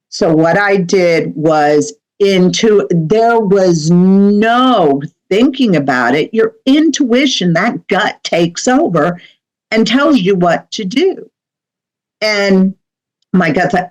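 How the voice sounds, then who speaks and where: A woman's voice: lowish voice, rough recording. A middle-aged woman, a medium, telling a personal story as a podcast guest in a chatty way, with many fillers and asides.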